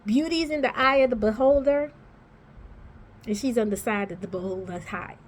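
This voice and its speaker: A high-pitched woman talks straight to camera from her small home office. She is outspoken and animated, casually chatting through her takes on TV shows. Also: normal speed. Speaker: vlogger reviewing TV shows.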